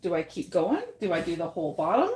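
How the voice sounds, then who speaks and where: A woman's voice: fairly low pitch, very animated, fast talker, a little mellow, roomy sound. A woman hosting a live paint-along. She chats with her viewers, thinks aloud and laughs often while she works. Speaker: painting host.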